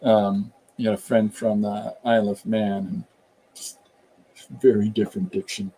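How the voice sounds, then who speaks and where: Male streamer, casual and rambling, mellow husky tone, reacts to chat. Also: fairly low pitch, level tone, measured pace. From Canada. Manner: rambling, chatty, reads viewer comments aloud. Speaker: comic artist hosting a live stream.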